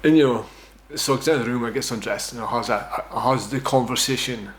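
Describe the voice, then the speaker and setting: Speaking a little fast in a mid-range voice, this man from Scotland, in his thirties, vlogs casually about something from his own life. His style is rambling, foul-mouthed, and self-mocking, with frequent "right?" tags.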